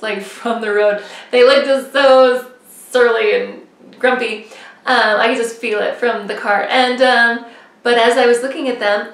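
A woman vlogger with a high voice tells a personal faith story, animated and self-mocking. She tosses in quick asides. The sound is roomy and echoey, with the mic set some distance away. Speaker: religious vlogger.

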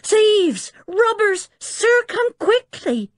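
A woman's voice: mid-range voice, animated, measured pace, darkish tone, no room sound, studio quality. A woman voicing a panicky plump housekeeper. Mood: screaming in panic. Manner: panicky, breathless, chattering. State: out of breath. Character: frightened plump female housekeeper. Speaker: servant of the professor.

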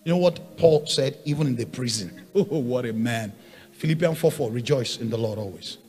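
A man preaching a sermon, swinging from quiet asides to loud shouted points and hammering on repeated rhetorical questions. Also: mid-range voice, lively intonation, moderate pace, slightly rough. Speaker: pastor.

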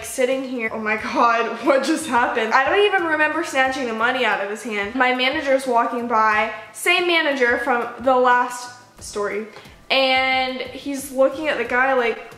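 A young woman with a high, bright-toned voice chats her way through a storytime vlog. She is animated and lively, slipping into the voices of the people she quotes. The room around her is noticeably echoey. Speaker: vlogger. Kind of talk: casual storytime.

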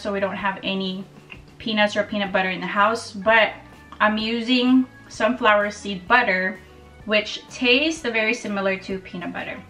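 A woman's voice: medium pitch, pushed and bright, distant mic. A woman hosting a casual cooking and tasting vlog, talking in an upbeat, chatty way with light laughs. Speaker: cooking vlogger and host. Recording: off-mic with faint background music.

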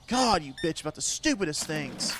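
A young man with a fairly high voice talks over a game in a crude, sarcastic way. He swears freely and swings from low mutters to loud outbursts at the customers. A faint background noise sits under his voice. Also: big pitch swings, normal speed. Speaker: gaming video creator. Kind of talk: casual gameplay commentary.

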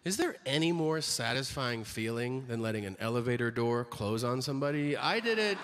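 A man's voice: mid-range voice, a little fast, fairly bright tone, slight background noise. A man performing a stand-up comedy set with wry, conversational storytelling on stage. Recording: long hall reverb with faint ambience.

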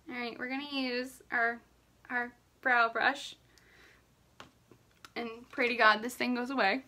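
A woman's voice: on the high side, level tone, a little slow, long pauses, bright, forceful tone. A young woman chatting through a live makeup tutorial, jittery and panicky, laughing between lines. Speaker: makeup vlogger.

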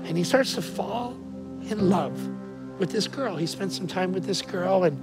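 A man preaching a sermon to his congregation, energetic and emphatic, asking them rhetorical questions. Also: high-pitched, moderate pace, over loud music. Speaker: pastor. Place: church auditorium.

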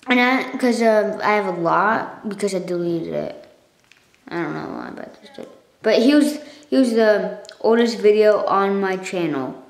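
A channel owner rambles through a casual thank-you vlog on her phone, correcting herself, coughing and clearing her throat along the way. Her medium-pitched voice is animated yet slow, with frequent pauses, and the space is reverberant.

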